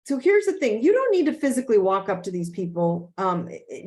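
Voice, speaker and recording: A woman's voice: medium pitch, sing-song, a little fast, hardly any pauses, a little mellow, faint music behind. A woman hosting a motivational coaching session and Q&A on a video call, speaking emphatically and checking in with "okay?". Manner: emphatic, repeats key phrases, frequent "okay?" check-ins. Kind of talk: motivational talk and Q&A.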